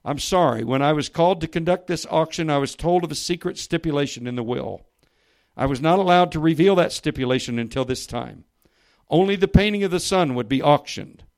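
A man preaching to a room of listeners, reading a story aloud and raising his voice for the quoted lines, then dropping low and soft for emphasis. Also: a little fast, gravelly. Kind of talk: sermon with a read-aloud story. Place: church or meeting room with listeners.

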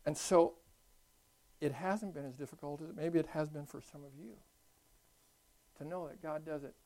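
Animated man preaching a sermon. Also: a little high, moderate pace, rough recording. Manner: swings from hushed asides to loud animated bursts; conversational storytelling. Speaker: pastor.

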